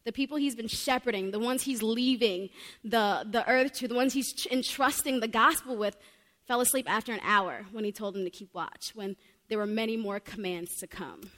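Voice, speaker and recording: A woman's voice: on the high side, moderate pace, a bit bright. A young woman preaching a sermon in a heartfelt, earnest way, often saying "like" between her thoughts. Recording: long reverb of a large hall.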